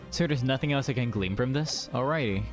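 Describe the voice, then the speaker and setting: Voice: medium pitch, a little fast. A streamer chatting casually while playing a game, amused and thinking aloud. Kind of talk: casual let's-play commentary. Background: faint game music.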